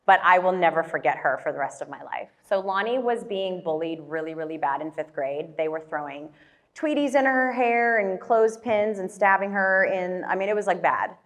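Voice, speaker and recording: A woman giving a motivational talk, speaking with a slightly low voice. She tells a personal story in a loose, casual way, full of filler words. She keeps turning to the audience with quick questions. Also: animated.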